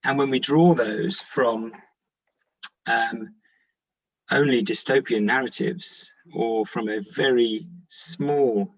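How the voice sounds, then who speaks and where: Husky gravelly man, halting speech. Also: medium pitch, dull audio. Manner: halting, frequent ums. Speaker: panel speaker. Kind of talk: panel discussion.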